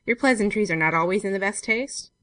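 A woman reading aloud, voicing a rich, guarded young male gentleman who speaks bluntly in an audiobook. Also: medium pitch, quick pace, dry recording, lightly acted. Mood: curt.

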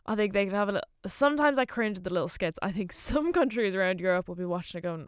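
A woman's voice: medium pitch, expressive, fast, few pauses, clean tone, dry recording, clean studio sound. A woman co-hosting a podcast in casual, enthusiastic chat, often using fillers like "kind of". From Ireland. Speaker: podcast co-host.

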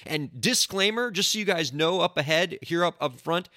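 A man hosting a solo podcast as an entertainment lawyer, talking in an animated, indignant way with playful sarcasm into a close microphone. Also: on the high side, moderate pace, no room sound.

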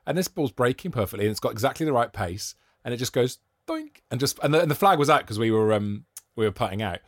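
A man's voice: mid-range voice, fast, no echo, studio quality. A young man, a podcast co-host, telling stories in casual chat and acting out what people said. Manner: animated storyteller, acts out quoted voices.

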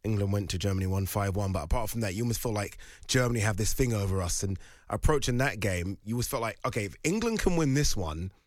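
Radio presenter, male: quick casual recollection, lowish voice, dry recording. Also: no echo. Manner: conversational, slangy.

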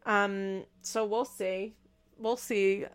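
A woman's voice: mid-range voice, fairly even intonation, drawn-out words, clean tone. A woman hosting a podcast, chatting casually and laughing often as she recaps. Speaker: podcast host.

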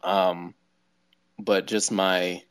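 A man, a stand-up comedian talking as a podcast guest, in a low-key, hesitant way with many fillers. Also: flat delivery, extremely slow, a bit bright, clean tone, no echo, clean studio sound. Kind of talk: casual interview chat.

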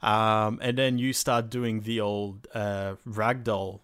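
A man's voice: on the low side, flat delivery, slow pace, fairly bright tone, clean tone. A young man telling a rambling, sweary gaming story in casual chat, slipping into jokey voices.

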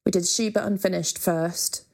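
In this candid interview, the guest is a female musician whose fairly low, darkish, creaky voice keeps a fairly even intonation at normal speed. She talks openly and chattily, peppering her speech with fillers and offhand curses.

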